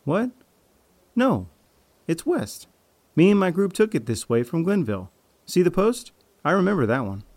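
A man's voice: fairly high pitch, big pitch swings, moderate pace, long pauses, darkish tone, no echo. A man playing a smug, deceitful raider. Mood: defensive, casual. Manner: falsely friendly, then arrogant and threatening. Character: smug, deceitful male raider, manipulative and menacing. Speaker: voice actor in an audio drama. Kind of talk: audio drama acting.

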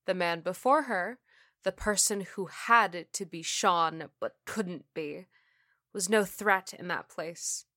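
A woman narrating a scripted horror story in a measured, deliberate reading. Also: on the low side, pushed and bright, dry recording, clean studio sound.

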